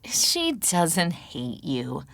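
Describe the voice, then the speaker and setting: A woman's voice: sits low, huge pitch swings, very slow, creaky, a bit bright, no room sound, full character voice. A woman narrator voicing a brash, sarcastic woman healer who teases in a breezy, wisecracking way.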